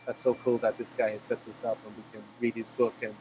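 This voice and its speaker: A man's voice: lowish voice, level tone, background noise. A man who is a language YouTuber, telling travel stories with enthusiasm in a casual video call chat. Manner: fast, enthusiastic storytelling.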